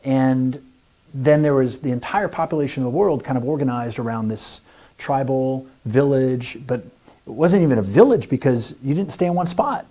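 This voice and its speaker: A man's voice: mid-range voice, normal speed, dark tone. A man co-hosting a podcast in casual chat, laid-back and explaining ideas. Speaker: podcast co-host.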